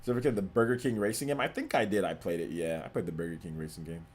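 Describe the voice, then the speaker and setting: A young man hosting a gaming livestream. He chats casually, reads out donations and viewer questions, and repeats himself in relaxed slang. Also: deep voice, rapid-fire, slightly rough. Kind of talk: casual live-stream chat, reading donations and chat.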